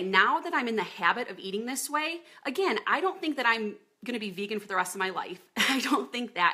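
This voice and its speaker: A woman's voice: medium pitch, pushed and bright. A woman in her thirties, a fitness coach chatting casually on a live video from her home office, greeting viewers by name as she talks.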